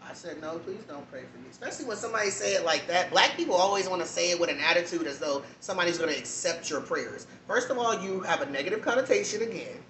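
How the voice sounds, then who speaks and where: A man telling a story in a candid, animated way, with casual asides. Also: high voice, fast talker, hardly any pauses. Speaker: vlogger. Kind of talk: storytime monologue. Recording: echoey room, distant mic, background noise.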